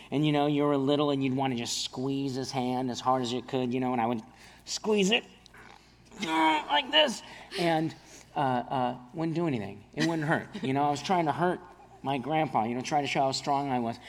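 A man preaching a sermon as a pastor, earnest, telling family stories and dropping to quiet emphasis on key points. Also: mid-range voice, long reverb tail.

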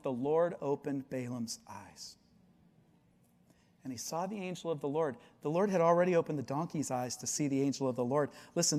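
A man preaching a sermon as a pastor, telling the story in an animated way and acting out its voices. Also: fairly high pitch, long reverb tail.

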